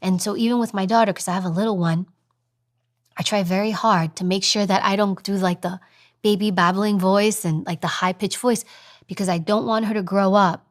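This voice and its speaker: Emphatic woman demonstrating voices. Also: mid-range voice. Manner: emphatic, acts out voices as examples. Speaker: guest; TV news presenter, former agent. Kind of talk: interview advice talk.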